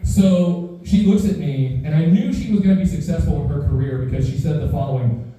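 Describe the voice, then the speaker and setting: A man's voice: on the high side, a little fast. A young man doing stand-up comedy, telling a profane story and acting out the voices in it, recorded live. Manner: profane, animated, acts out quoted voices. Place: live comedy show in a house. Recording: echoey room, mic far off.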